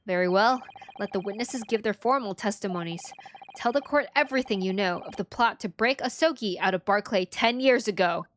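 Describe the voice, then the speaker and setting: A woman voicing a stern older male judge, reading game dialogue in a formal, deliberate way. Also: mid-range voice, close to an everyday voice.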